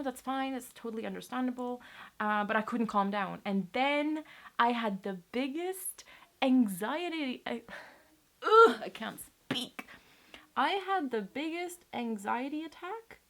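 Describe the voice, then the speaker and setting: A woman's voice: mid-range voice, fairly bright tone. Young woman from latvia, casual vlog storytime, rambling and chatty, lots of fillers, camera mic. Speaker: vlogger.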